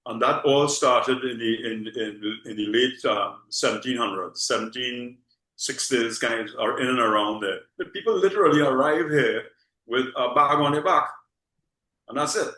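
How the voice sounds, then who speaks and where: A man's voice: medium pitch, bright, forceful tone, reverberant, rough recording. A man from Trinidad with a Trinidadian accent, chatting casually as a guest, often repeating words and tagging lines with "okay?". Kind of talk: casual conversation.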